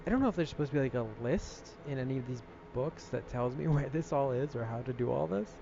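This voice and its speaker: A man's voice: mid-range voice, fast talker, gravelly, highs cut off, noisy background. A man casually commenting while playing a game late at night, laid-back and self-deprecating, sounding tired. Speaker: gaming streamer. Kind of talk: casual let's-play commentary.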